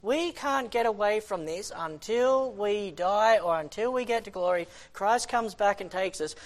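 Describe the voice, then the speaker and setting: A man preaching a sermon as a missionary, impassioned, swinging between loud exhortation and quiet, sighing asides. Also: high-pitched.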